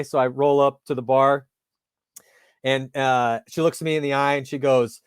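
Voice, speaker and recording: A male host of an interview show, chatting casually and telling a lively story in which he acts out the dialogue. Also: medium pitch, moderate pace, smooth, no echo, clean studio sound. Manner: animated storyteller acting out dialogue.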